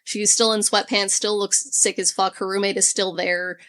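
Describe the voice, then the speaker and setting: A woman's voice: medium pitch, flat delivery, moderate pace, fairly bright tone. A woman in a casual podcast book club chat, animatedly retelling a plot with quoted lines and frequent swearing.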